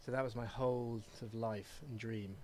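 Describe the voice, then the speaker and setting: A man's voice: mid-range voice, moderate pace. A man in his thirties from England with a southern English accent, a guest chatting in an easy, hesitant way full of ums. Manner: relaxed, hesitant with many ums. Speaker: guest singer. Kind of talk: casual interview chat.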